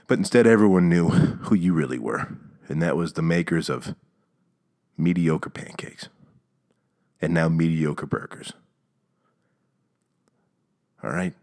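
A man hosting his own podcast, ranting casually and sarcastically with stammered restarts and bursts of mock outrage. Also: low voice. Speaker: podcast host. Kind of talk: casual solo rant.

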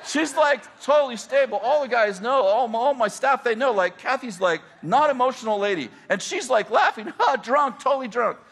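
A middle-aged man, a pastor, telling stories in a casual, animated way and laughing often as he talks. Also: extremely high pitch, moderate pace, few pauses. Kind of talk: casual storytelling.

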